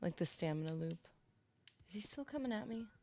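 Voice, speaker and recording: Lady streamer chatting away while she plays, lowish voice with lots of fry. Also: lively intonation, a little fast, warm tone, slight background noise. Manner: chatty, rambling, talks to chat while playing. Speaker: game streamer. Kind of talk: casual live-stream commentary.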